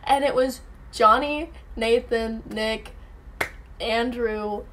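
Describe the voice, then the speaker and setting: A young woman telling a story from her own night in a casual vlog, animated and full of "like". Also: on the high side, slow pace. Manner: animated storytelling, acting out everyone's lines, heavy use of "like". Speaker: vlogger.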